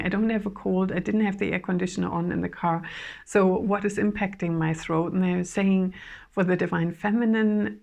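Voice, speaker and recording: Gently gravelly woman sharing spiritual guidance. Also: fairly low pitch. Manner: earnest, flowing, with soft laughs and fillers. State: voice going hoarse. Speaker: spiritual channel. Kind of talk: spiritual talk, channeled messages.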